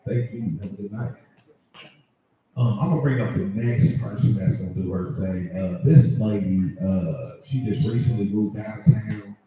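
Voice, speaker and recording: Mellow, laid-back male comedy host. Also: on the low side, moderate pace, soft background music. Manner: laid-back, chatty, uses y'all. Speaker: open mic host. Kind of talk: emceeing a comedy night. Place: comedy club. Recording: echoey club room, mic from far.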